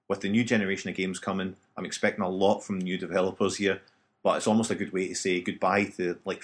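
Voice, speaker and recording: A man, co-hosting a casual podcast chat and rambling through his opinions with lots of restarts. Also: deep voice. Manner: chatty, rambling, frequent restarts and fillers. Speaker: podcast co-host. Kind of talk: casual chat about video games.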